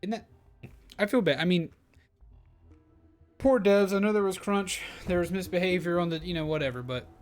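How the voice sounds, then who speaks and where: A man livestreams a game with game music playing behind him, chatting casually in a rambling, musing way full of hedges and dry sarcasm. His voice is high-pitched and moderately paced, with long pauses.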